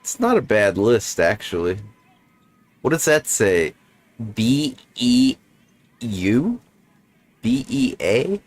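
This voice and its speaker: A man livestreaming a video game, chatting on his desk mic in a sarcastic, jokey, rambling way. His voice sits at an ordinary middle pitch. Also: very animated, slow, long pauses. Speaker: streamer. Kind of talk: casual game commentary.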